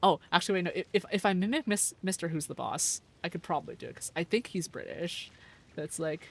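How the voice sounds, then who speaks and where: A woman's voice: fairly low pitch, lively intonation, fairly quick, vocal fry, breathy edge. A young woman chatting casually on a livestream, giggling often and talking in a rambling, slangy, profane way. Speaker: streamer.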